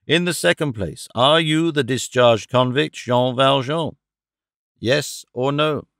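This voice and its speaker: Man doing formal old-school judge, measured, gravelly, dry. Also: medium pitch, a bit bright, no room sound. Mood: stern. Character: attentive, benevolent male court president, formal.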